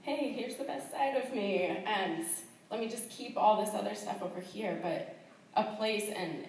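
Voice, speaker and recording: A woman's voice: mid-range voice, a little mellow, a little hiss or hum. Chatty woman giving testimony in an echoey church hall. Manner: chatty, with many fillers and laughs. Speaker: missionary sharing her calling. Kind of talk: personal testimony. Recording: very echoey room, far from the mic.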